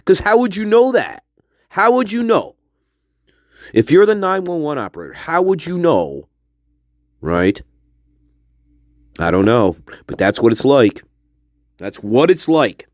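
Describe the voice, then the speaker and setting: Man, livestream host, lively swooping pitch, profane, emphatic, rhetorical questions, dry close sound. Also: measured pace, long pauses, no room sound. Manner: greets chat viewers by name. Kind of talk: casual livestream rant.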